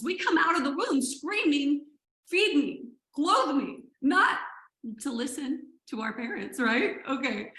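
A woman with a high voice and a gravelly edge, leading a coaching training call. She is playful and emphatic, and her voice rings in a noticeably echoey room. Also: sharp tone.

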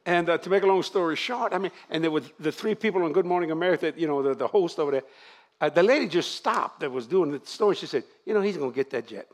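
A man's voice: a little high, fast talker. An older man preaching to a congregation, joking and laughing as he goes. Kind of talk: church sermon.

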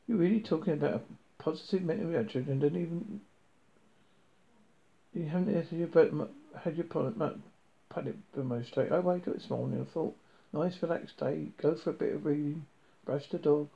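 A man's voice: on the high side, a little fast, vocal fry. A man voicing Arthur, a flustered, indignant man who complains in a stammer and edges toward hysteria. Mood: indignant, panicky. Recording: dull lo-fi recording.

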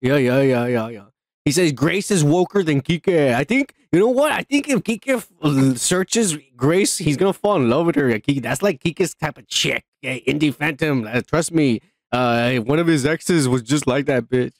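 A man's voice: a little high, lively intonation, moderate pace, no echo, studio quality. A man co-hosting a casual podcast, reading viewer comments and joking in a rambling, profane way with lots of fillers. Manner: profane, rambling, many fillers and repeated yeahs. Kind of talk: casual drunk podcast banter.

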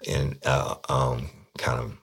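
A police detective telling a story in a casual, blunt, profane way, often repeating words. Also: male voice, very deep voice, flat delivery, slow, vocal fry, a bit bright, husky.

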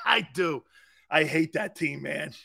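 Brash, high-voiced male sports talk host. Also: huge pitch swings, slow, vocal fry, bright, forceful tone, slightly rough. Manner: brash, boisterous, laughs often.

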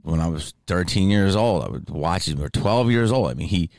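A middle-aged man hosting a podcast, telling rambling, animated stories in casual chat. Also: deep voice, moderate pace, gravelly, no room sound, studio quality. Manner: rambling, animated, lots of fillers. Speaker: podcast host.

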